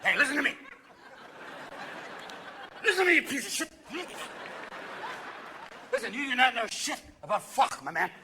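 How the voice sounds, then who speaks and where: A man's voice: extremely high pitch, sing-song, normal speed, pauses often. A man voicing a belligerent drunk picking a fight at a bar, slurred, aggressive and profane, recorded at a live show. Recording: live show, loud audience noise.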